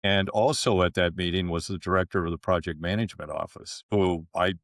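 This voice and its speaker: Low-voiced guy spinning a work story, dry close sound, acts out who said what. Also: fairly quick, no room sound. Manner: relaxed anecdote-teller who acts out quoted dialogue. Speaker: interview guest. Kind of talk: conversational storytelling.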